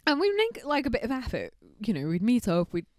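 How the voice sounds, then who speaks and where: Lively chatty woman podcaster, dry sound. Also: a little high, brisk, no echo. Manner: chatty, laughs often, lively storytelling. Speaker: podcast co-host. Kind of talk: casual chat.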